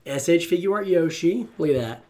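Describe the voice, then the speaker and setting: A man's voice: on the high side, expressive, a little fast, warm tone. A man co-hosting a casual livestream from his room at home, joking and sarcastic, greeting viewers by name. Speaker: co-host of a comics livestream. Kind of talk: casual live-stream chat.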